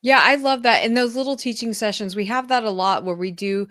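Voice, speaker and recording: A woman in her forties hosting a podcast, telling a family story in an animated way, acting out the dialogue with lots of fillers. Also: fairly high pitch, a little fast, no echo, clean studio sound. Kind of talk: conversational interview storytelling.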